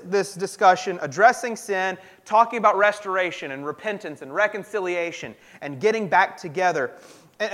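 High-voiced man preaching conversationally. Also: fairly bright tone. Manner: conversational, earnest, frequent restarts. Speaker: pastor. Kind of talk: sermon.

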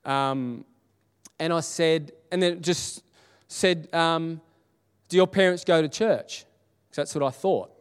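A man's voice: a little high, slow, long pauses, clear, resonant tone. A middle-aged man preaching a sermon in a church auditorium, telling stories in a conversational way with many restarts and acted-out quotes. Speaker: pastor. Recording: reverberant church hall.

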